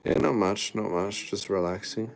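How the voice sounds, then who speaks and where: A man's voice: on the low side, steady tone, normal speed, vocal fry, a little hiss or hum. A man hosting a casual livestream chat, laid-back and profane, talking to viewers over a few beers.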